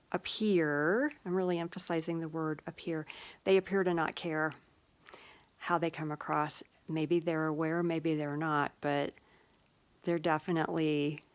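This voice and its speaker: A woman with a low voice hosts her own channel, offering a gentle, reflective spiritual talk full of fillers and pauses.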